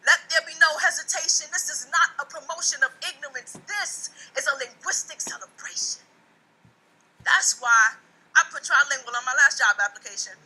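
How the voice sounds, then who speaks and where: A woman's voice: very high voice, sharp tone, rough recording. A woman from the United States performing spoken word poetry in an impassioned, rhythmic, rhyming delivery, her voice sometimes breaking with emotion.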